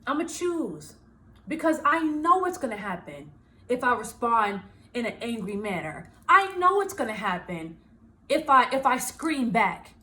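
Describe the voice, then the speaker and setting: Woman, high voice, casual vlog talk, lively and laughing, plays out her inner thoughts. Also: unhurried. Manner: animated, laughing, acts out her own inner voice. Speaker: small business owner and vlogger. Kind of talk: casual self-help talk to camera.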